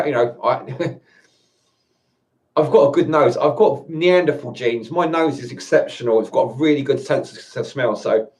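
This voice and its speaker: Man vlogger, mid pitch, rambling and hesitant, heard from a distance at home. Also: a little mellow. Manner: rambling, hesitant, chuckling often. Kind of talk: casual solo live-stream chat. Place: indoors at home. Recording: voice distant from the mic.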